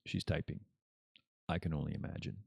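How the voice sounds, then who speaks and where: A man's voice: rumbling low, fairly even intonation, a little fast, gravelly, darkish tone, husky, no room sound, clean studio sound. A man hosting a podcast as a casual live stream, rambling and joking as he chats. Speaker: podcast host.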